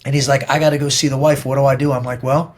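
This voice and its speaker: A man's voice: medium pitch, little pitch movement, quick pace, background noise. A middle-aged man being interviewed, talking in a blunt, emphatic and profane way as he tells stories. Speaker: podcast guest. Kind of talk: casual interview talk.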